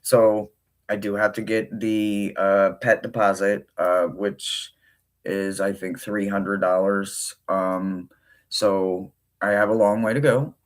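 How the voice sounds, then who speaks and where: A man hosting a tarot reading livestream, chatting casually with viewers and breaking into sudden high-pitched exclamations. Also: flat delivery, slow.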